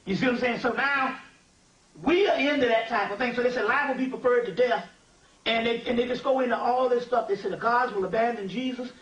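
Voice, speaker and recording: A man giving an informal spiritual lecture, animated and digressive, often checking that listeners follow. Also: extremely high pitch, a little fast, lo-fi sound. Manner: animated, digressive, keeps asking "you see what I'm saying". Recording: echoey room, distant mic, faint ambient noise.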